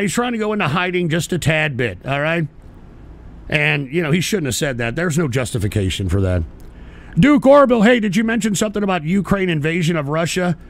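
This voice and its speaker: Gravelly, furious ranting livestream host. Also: male voice, fairly high pitch. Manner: profane, exasperated, stammering restarts. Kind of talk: angry livestream rant.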